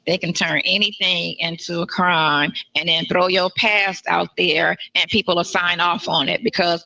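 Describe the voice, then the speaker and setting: A woman's voice: lowish voice, fairly even intonation, moderate pace, vocal fry, hardly any pauses, pushed and bright. A woman on a phone call, outspoken and supportive, swearing freely. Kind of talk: casual phone conversation.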